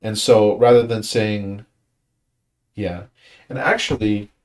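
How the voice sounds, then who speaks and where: A man's voice: lowish voice, fairly even intonation, slow. A man leading a language study group, explaining pronunciation casually and often restarting his sentences while he thinks. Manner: thinking aloud with frequent restarts and fillers.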